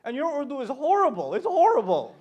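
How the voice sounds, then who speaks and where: A man with a fairly high voice gives a passionate talk as a panel speaker. He is animated and emphatic, and he drops in joking asides. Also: a little fast.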